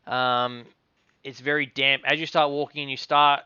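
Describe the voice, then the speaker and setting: Man, game master, relaxed halting narration, bright crisp voice, dry slightly muffled recording. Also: medium pitch, dry recording.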